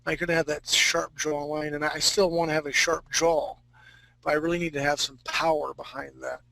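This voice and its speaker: A man's voice: fairly high pitch, flat delivery, normal speed, creaky, pushed and bright, no room sound, low-quality recording. A man teaching a live fantasy-art drawing class, talking casually and joking with his students. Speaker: art instructor.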